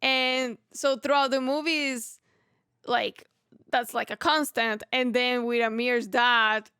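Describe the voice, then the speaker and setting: A woman co-hosting a casual film review podcast, chatty and quick, filling her talk with "like" and acting out quoted lines. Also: a little high, fairly even intonation, pushed and bright, smooth, no room sound, studio quality. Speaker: podcast co-host.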